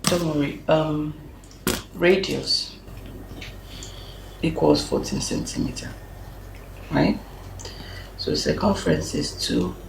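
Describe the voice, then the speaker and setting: A protective mother with a Nigerian accent and a low, gravelly voice. She speaks slowly and reassuringly in a roomy space, with faint background ambience. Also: noisy background, heavily acted. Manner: calm, reassuring. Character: steady protective mother reassuring her daughter.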